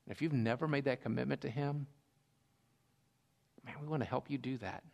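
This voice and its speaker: A man preaching a sermon as pastor, telling a story with lively swings between loud emphasis and quiet asides. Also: medium pitch, fairly quick, vocal fry.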